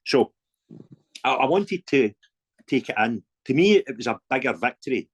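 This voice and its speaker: Animated Scottish man telling stories. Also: mid-range voice, moderate pace, breathy edge. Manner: animated anecdotes with voiced dialogue and laughs. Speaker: fan campaign leader. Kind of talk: casual storytelling interview.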